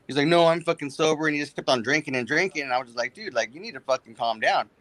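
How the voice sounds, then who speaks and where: A man's voice: fairly high pitch, fast talker, a bit bright, dry recording. A young man telling a story on a livestream chat, heated and full of swearing. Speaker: guest on a livestream. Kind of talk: casual chat.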